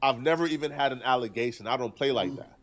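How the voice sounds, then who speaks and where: A man's voice: medium pitch, fairly bright tone. A man streaming live, talking through a news story earnestly and point by point. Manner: earnest, deliberate, argues point by point.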